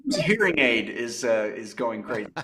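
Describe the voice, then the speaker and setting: A man's voice: mid-range voice, big pitch swings, normal speed, sharp tone. A man hosting a comedy show over a video call, telling topical jokes and chuckling at his own punchlines. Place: home apartment.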